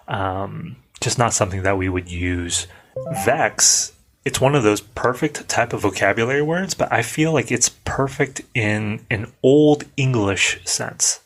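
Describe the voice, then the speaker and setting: This fairly low-pitched man is an English conversation coach, keeping the lesson casual and relaxed. He works through points aloud and leans on certain words to emphasize them.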